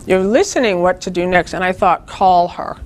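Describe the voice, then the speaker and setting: A woman's voice: fairly low pitch, brisk, a little hiss or hum. A woman leading a spiritual group, giving an earnest, informal talk that teaches through personal stories.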